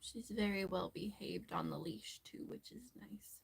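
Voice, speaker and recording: A woman talks through a crochet project in an easygoing, rambling way, often breaking into laughs. She takes her time, speaking at an unhurried pace with a middle-pitched voice. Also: gravelly, husky. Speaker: crochet tutorial host. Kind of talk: casual chat while crocheting.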